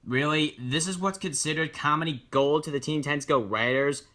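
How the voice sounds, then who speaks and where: A man's voice: fairly high pitch, moderate pace, bright, forceful tone. A teenage boy complaining incredulously while reviewing a cartoon. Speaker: online critic. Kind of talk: comedic review rant.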